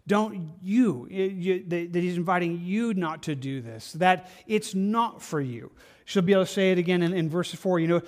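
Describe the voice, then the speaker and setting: A man preaching a sermon in an earnest, halting way, often repeating words and restarting, moving between soft and stronger delivery. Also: high-pitched. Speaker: pastor.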